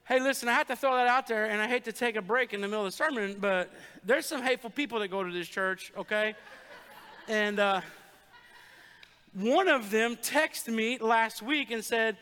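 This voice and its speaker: A man's voice: high voice, sharp tone, clear, resonant tone. A man pastor, giving a sermon in a church in a chatty, joking way and teasing the congregation. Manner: joking, conversational preaching with quick asides to the crowd. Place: church sanctuary. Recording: long hall reverb.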